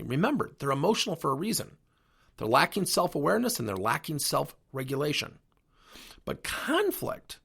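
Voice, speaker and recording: A man's voice: a little high, creaky, slightly rough. A middle-aged man hosting a coaching podcast, telling stories and acting out conversations as he goes. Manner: animated storytelling with acted-out dialogue. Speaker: podcast host and workplace coach. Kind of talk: solo podcast monologue.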